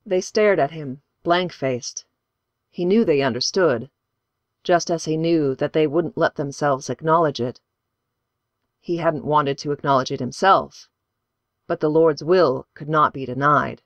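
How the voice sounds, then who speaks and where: A woman narrating an audiobook with measured, even storytelling. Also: low voice, dry recording. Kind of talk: scripted narration. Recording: dry, slightly dull studio audio.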